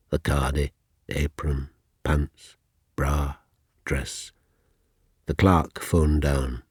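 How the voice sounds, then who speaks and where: Male poet, husky, unhurried delivery. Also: extremely low pitch, no room sound, studio quality. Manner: slow, deliberate, dropping to near-whispers. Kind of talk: poetry reading.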